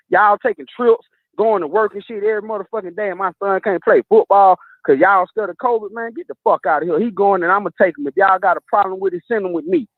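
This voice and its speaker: This is a man calling into a talk show with a very high voice and a fast pace. He tells his story bluntly and swears often. The audio is dull and dry, with no room sound. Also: expressive, no room sound. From Atlanta, USA. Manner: profane, emphatic, blunt. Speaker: caller. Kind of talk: call-in storytelling.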